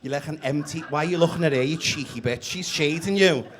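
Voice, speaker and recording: A man's voice: on the high side, fast. Brash Scouse man doing stand-up. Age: late 30s. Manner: brash, crude, teasing the audience. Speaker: stand-up comedian. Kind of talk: live stand-up with crowd work. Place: comedy club stage. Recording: live gig with loud crowd laughter. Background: audience laughing.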